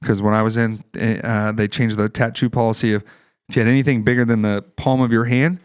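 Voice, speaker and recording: A man from Ohio in his thirties, a podcast guest casually telling war stories in a profane, animated way, acting out the voices of the people in his stories. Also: on the low side, fairly quick, clean tone. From Ohio, United States. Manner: profane, animated storytelling with acted-out quotes. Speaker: podcast guest, fighter and Marine veteran. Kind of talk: casual storytelling chat.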